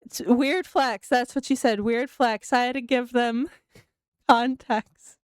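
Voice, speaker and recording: Giggly high-pitched woman streamer. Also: takes it slowly, clean tone, no echo. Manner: giggly, excitable, often breaking into laughter and squeals. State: laughing to tears. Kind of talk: live-stream chat with viewers. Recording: faint music in the background.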